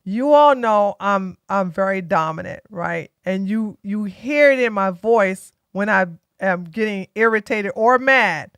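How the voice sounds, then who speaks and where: A woman's voice: mid-range voice, expressive, a little slow, few pauses, a bit bright, clear, resonant tone, no echo, clean studio sound. A tired woman from Georgia, hosting a casual political live stream and talking bluntly to her chat. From Georgia, USA. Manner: blunt, sassy, talks straight to chat.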